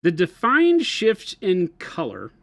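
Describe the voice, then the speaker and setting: A man's voice: sits high, huge pitch swings, slow, gravelly, fairly bright tone, dry recording. Dry-sounding man explaining painting. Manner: explains patiently, asks "right?" often. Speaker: co-host and painter on a hobby live stream. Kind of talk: casual live-stream chat and painting tips.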